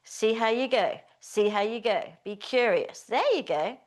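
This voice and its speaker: A woman's voice: medium pitch, sing-song, unhurried. A woman teaching a small Pilates class, giving encouraging, chatty cues. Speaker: pilates instructor. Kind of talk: live class instruction.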